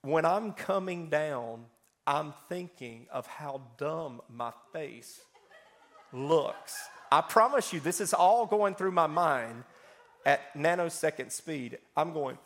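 A man preaching a sermon, telling funny personal stories with animated swings between loud and soft. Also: a little high, slow. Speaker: pastor.

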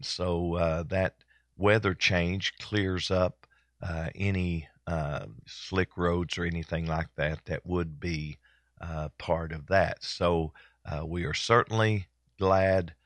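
An older man with a drawl hosts a homespun church broadcast, his voice sitting very low. He rambles along easily, stopping often on fillers and restarts. The sound is dry and close, with no room around it. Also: no echo. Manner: folksy, rambling with many pauses and fillers. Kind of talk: casual chat.

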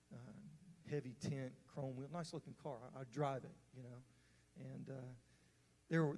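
A man's voice: mid-range voice, darkish tone. A man giving a sermon as a story, in an earnest, conversational way with fillers and restarts. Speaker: preacher. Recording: long hall reverb.

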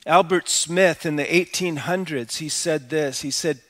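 A middle-aged male pastor delivers a sermon in a relaxed, conversational way, often tossing in "you know" as he talks. His voice sits a little above the usual male pitch. He sounds like he is speaking from a church sanctuary. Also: unhurried, hardly any pauses. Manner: conversational and personal, frequent "you know" asides.

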